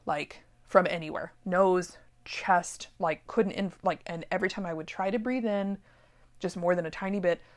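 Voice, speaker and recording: A middle-aged woman who teaches sewing, telling a personal story in a chatty, animated way with many asides. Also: on the low side. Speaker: sewing teacher and shop owner. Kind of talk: casual storytelling vlog. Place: warehouse room.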